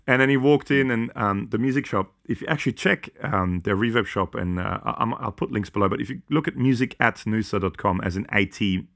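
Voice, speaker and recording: A man's voice: on the low side, creaky, a bit bright. A man with an Australian accent, co-hosting a podcast in casual, rambling chat full of jokes and side notes. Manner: joking, rambling, quick asides. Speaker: podcast co-host.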